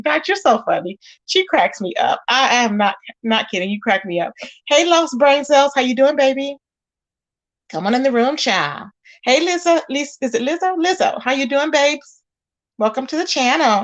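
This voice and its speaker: A woman hosting a casual live stream, animated, greeting viewers with pet names. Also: high-pitched, normal speed. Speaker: host of a live commentary channel.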